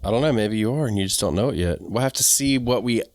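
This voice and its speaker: A man's voice: lowish voice, fast, no echo, studio quality. A man co-hosting a gardening podcast, joking around while steering the conversation in loose phrasing. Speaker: podcast co-host. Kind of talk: casual gardening chat.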